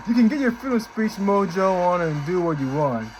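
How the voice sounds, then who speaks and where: A man's voice: high-pitched, very animated, brisk, hardly any pauses, low-quality recording. A man hosting a casual vlog, chatty and upbeat, reading out a news article and laughing along. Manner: upbeat, chatty, laughs at his own impressions. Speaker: channel host. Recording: clear background music.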